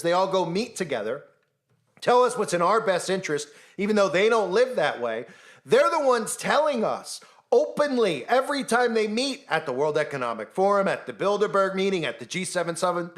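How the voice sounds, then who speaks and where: A man hosting his own channel, delivering a sarcastic, ranting commentary monologue and mocking others in quoted asides. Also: high-pitched. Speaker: channel host.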